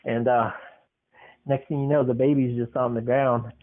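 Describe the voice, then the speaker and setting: A man's voice: mid-range voice, flat delivery, normal speed. Rambling male storyteller on a tinny line. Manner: meandering, full of fillers and restarts. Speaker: podcast host. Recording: tinny phone-like sound.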